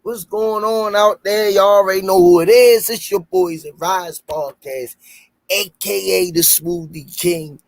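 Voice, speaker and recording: A man with a Baltimore accent hosting a casual podcast and reading sponsor shout-outs, loud and playful, breaking into high shouts when he jokes. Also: fairly even intonation, unhurried, no echo. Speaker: podcast host.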